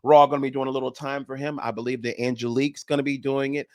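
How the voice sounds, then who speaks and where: A man hosting a comedy talk radio show, upbeat as he runs through plugs and shout-outs. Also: medium pitch, little pitch movement, fast, no echo, studio quality. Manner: upbeat, promotional. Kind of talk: casual radio banter and plugs. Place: radio studio.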